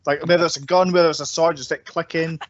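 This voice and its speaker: Relaxed man chatting on a podcast. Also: fairly high pitch, fast. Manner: relaxed, laughs along. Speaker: podcast co-host. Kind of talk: casual film chat. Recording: dull lo-fi podcast audio.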